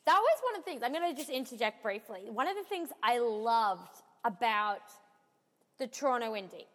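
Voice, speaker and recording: A woman from Australia with an Australian accent, co-hosting a casual podcast chat, animated and full of quick asides. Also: on the high side, big-room sound. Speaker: podcast co-host.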